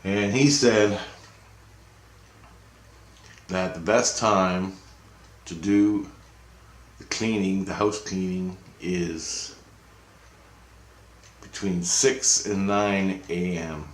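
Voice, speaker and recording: A man's voice: low-pitched, fairly even intonation, extremely slow, long pauses, roomy sound. A man giving a rambling, casual spiritual monologue at home, swearing and repeating himself. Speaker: spiritual vlogger. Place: apartment, indoors.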